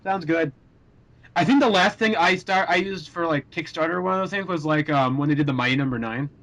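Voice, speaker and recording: A man's voice: a little high, a little fast, a bit bright. A young man hosting a casual group chat podcast, rambling with lots of fillers and frequent laughs. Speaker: podcast host.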